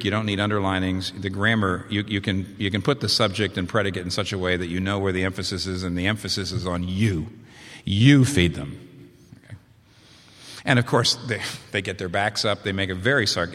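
Animated male preacher in a reverberant hall. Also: mid-range voice. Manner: animated, conversational preaching with asides and fillers. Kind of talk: sermon.

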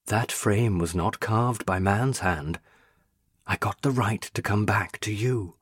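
A man voicing a young female ghost, a burned witch, speaking in a pleading, tender and intense way with a husky voice. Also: lowish voice, slow, dry recording, studio quality.

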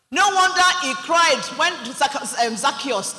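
A woman's voice: sits high, sing-song, takes it slowly, hardly any pauses, pushed and bright. A Nigerian woman pastor preaching a sermon, fervent and emphatic, with frequent hallelujahs. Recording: echoey hall with faint background noise.

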